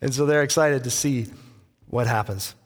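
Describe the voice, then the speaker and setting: A man preaching a sermon as a pastor, telling the story in a lively way and acting out the quoted lines with playful taunts. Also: mid-range voice, normal speed, long reverb tail.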